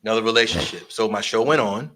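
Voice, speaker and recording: A man telling animated stories about promoting shows, swearing freely and acting out the voices of the people in them. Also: on the low side, fast. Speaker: guest storyteller, concert promoter and barber. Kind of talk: casual storytelling interview.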